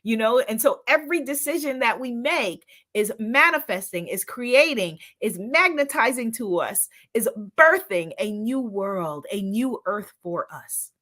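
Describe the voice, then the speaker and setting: Lively high-voiced inspirational woman host. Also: measured pace, few pauses. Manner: enthusiastic, laughing often, repeating affirmations. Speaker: spiritual host. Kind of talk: inspirational live-stream talk.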